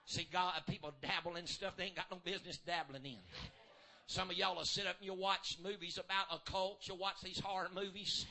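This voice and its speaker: A man preaching a fiery sermon, dropping an "uh" before each phrase and rising into shouts and chanted lines. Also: high voice, fairly even intonation, fairly quick.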